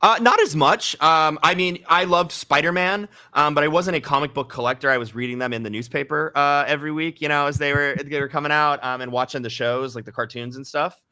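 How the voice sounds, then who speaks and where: A man's voice: on the high side, brisk, few pauses, sharp tone, clear, resonant tone, no echo. A man being interviewed about his writing, talking casually with many fillers and restarts. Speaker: guest author.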